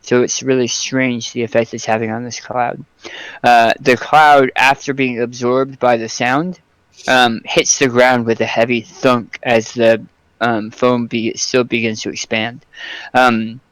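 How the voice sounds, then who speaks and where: A man narrating as game master in a tabletop game, halting and filling pauses with ums. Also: medium pitch, little pitch movement, a bit bright, smooth, no room sound. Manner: hesitant, lots of ums and restarts.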